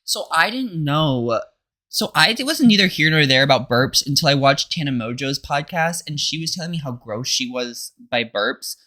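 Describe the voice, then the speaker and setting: A young man co-hosting a chatty comedy podcast. His voice sits a little high and bright, and he spins stories camply, full of acted quotes. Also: moderate pace. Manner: camp, animated storytelling with acted quotes. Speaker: podcast co-host. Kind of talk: casual comedic chat.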